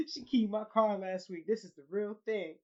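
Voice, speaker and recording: A woman co-hosting a podcast in casual chat, loud and animated, swearing and acting out quotes. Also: mid-range voice. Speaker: podcast co-host. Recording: dull lo-fi podcast audio.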